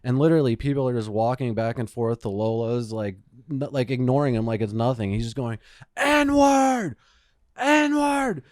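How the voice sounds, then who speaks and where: A man's voice: medium pitch, steady tone, fairly quick, few pauses, warm tone, dry recording, studio quality. A man co-hosting a podcast, telling rambling, profane stories in casual chat. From Phoenix, Arizona. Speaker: podcast co-host.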